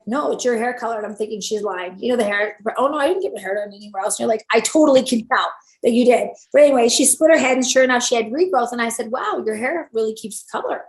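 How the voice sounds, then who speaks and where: A woman's voice: fairly high pitch, fast talker. A middle-aged woman, a salon owner and stylist, telling stories in an interview and acting out the lines people said to her. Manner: animated, acts out quoted dialogue. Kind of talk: storytelling interview. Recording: roomy echo.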